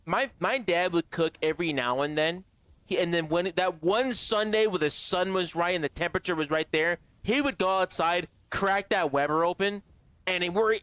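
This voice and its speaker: A man chatting casually on a gaming livestream, slangy and profane, his voice slightly strained from yelling. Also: high-pitched, moderate pace, clear, resonant tone, no room sound. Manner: slangy and profane, calls chat bro and baby. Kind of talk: casual live-stream chat.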